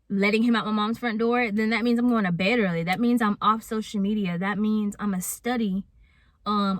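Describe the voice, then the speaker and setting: A woman's voice: mid-range voice, fairly bright tone, no room sound. Candid young woman vlogging, dry sound. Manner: candid and chatty, addresses viewers directly. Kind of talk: casual storytime vlog.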